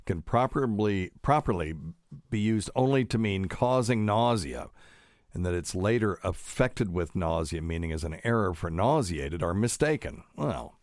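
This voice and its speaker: A man's voice: deep voice, animated, a little slow, a little mellow, dry recording, studio quality. A middle-aged man hosting his own podcast as a doctor, talking casually with lots of fillers and pedantic asides. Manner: rambling, pedantic, many fillers. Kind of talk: casual solo podcast talk.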